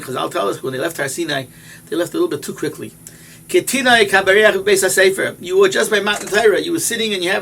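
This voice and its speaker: Male rabbi, sermon, high-pitched, gravelly edge, emphatic storytelling. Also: a bit bright, a little hiss or hum. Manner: emphatic storytelling, repeats key phrases. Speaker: rabbi and yeshiva head.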